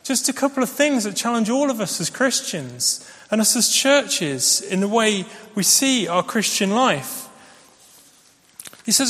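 A man's voice: very high voice, sing-song, a little slow, fairly bright tone. A man preaching a sermon, telling stories in a conversational way with fillers. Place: church. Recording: long reverb of a large church.

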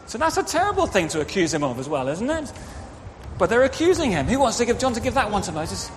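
A man's voice: high-pitched, big pitch swings, fast, a little hiss or hum. A man preaching an interactive children's talk in church, directing the children and acting out quotes into a microphone. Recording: reverberant hall, faint ambience.

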